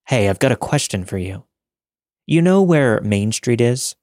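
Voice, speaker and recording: A man's voice: medium pitch, expressive, measured pace, darkish tone, dry recording, studio quality, lightly acted. A man voicing a pushy male stranger in a narrated story, speaking in a raised, demanding voice. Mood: friendly.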